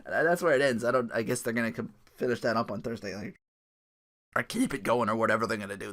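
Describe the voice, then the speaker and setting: A man's voice: mid-range voice, fast, fairly bright tone. A young man hosting a casual solo podcast, rambling, swearing freely and often breaking into laughter. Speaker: podcast host.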